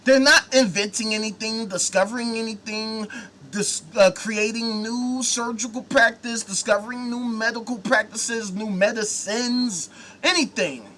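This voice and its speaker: A man's voice: high-pitched, fairly even intonation, unhurried, pushed and bright, slight background noise. A man hosting a live talk show, ranting angrily and sarcastically with heavy swearing. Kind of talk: profane live-stream rant.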